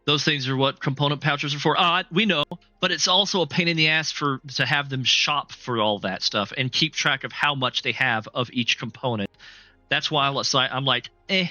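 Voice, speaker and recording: A man's voice: mid-range voice, normal speed, bright, forceful tone, no echo, highs cut off. A man acting as game master on a live-streamed tabletop game, talking casually with lots of fillers and easy laughs. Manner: rambling, heavy with fillers, laughs often.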